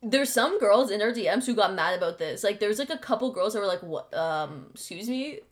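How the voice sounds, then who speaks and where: A young woman co-hosting a podcast, chatting casually and quickly with lots of "like". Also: mid-range voice. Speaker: podcast co-host. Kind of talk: casual chat.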